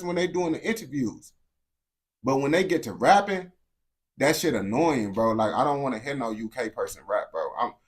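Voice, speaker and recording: A man giving casual reaction commentary, blunt and profane, full of slang and repeated phrases. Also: fairly high pitch. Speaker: reaction streamer.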